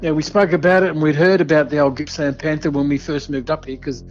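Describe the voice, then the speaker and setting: An Australian man remembering something in a soft-spoken, hesitant way that trails off. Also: fairly high pitch, fairly even intonation, fast talker, lo-fi sound, soft background music. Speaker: interviewee. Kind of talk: casual recollection.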